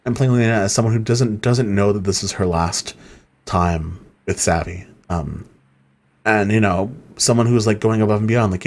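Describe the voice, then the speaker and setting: A man's voice: on the low side, normal speed. Rambling man giving let's play commentary. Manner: rambling, filler-heavy, heartfelt. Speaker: game streamer.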